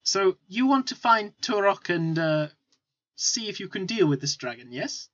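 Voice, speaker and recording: A man voicing a smooth, eager-to-please male merchant, chatty with lots of filler. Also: high-pitched, very animated, unhurried, fairly bright tone, pitched above the performer's own voice, exaggerated voice. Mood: salesy. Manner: salesman patter, full of fillers. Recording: dull lo-fi recording with faint music.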